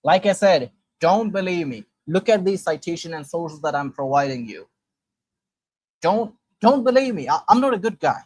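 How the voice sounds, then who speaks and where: A man's voice: high voice, animated, a little mellow, no echo, poor audio. A man who reads old historical sources aloud and comments on them, stumbling often and restarting words as he goes. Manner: halting, with frequent restarts and fillers while reading.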